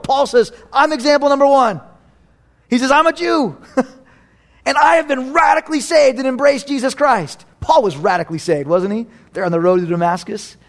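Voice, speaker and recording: High, lively preacher man. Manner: animated storytelling, acting out quotes, laughing. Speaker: youth pastor. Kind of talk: sermon.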